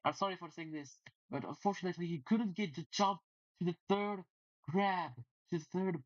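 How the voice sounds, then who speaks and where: A hoarse man streaming live, commentating on competition videos in an excitable way and often restarting his sentences. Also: high-pitched, normal speed, muffled recording.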